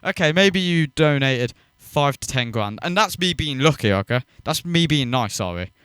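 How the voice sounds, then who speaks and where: A man's voice: on the high side, animated, normal speed, a bit bright, smooth, dry recording, clean studio sound. A man hosting a reaction video, mocking and swearing as he rants in scornful commentary.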